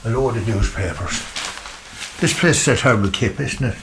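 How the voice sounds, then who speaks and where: A man's voice: mid-range voice, moderate pace, noisy background. An older man with a rural Irish accent, a farmer talking casually in a rambling, folksy storytelling way at home. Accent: Irish, rural Meath. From Ireland. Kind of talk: casual documentary talk. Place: farmhouse, indoors.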